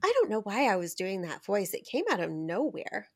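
A woman's voice: medium pitch, big pitch swings, a little fast. A woman hosting a podcast in a playful, joking manner, laughing often. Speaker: podcast host. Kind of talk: casual comedic chat.

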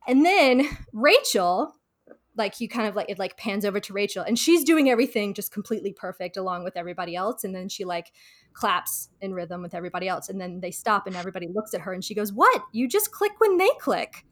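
A woman in casual podcast chat, retelling a TV episode with lots of fillers and acting out the quoted lines. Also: fast talker. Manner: chatty, lots of "like", acts out quoted lines in higher voices. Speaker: podcast co-host giving advice.

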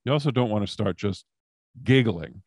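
A man who is a comedian and former wrestling writer, telling animated backstage anecdotes in a casual podcast chat. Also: fairly low pitch, normal speed, breathy edge, no room sound, clean studio sound. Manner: animated anecdotes, frequent fillers.

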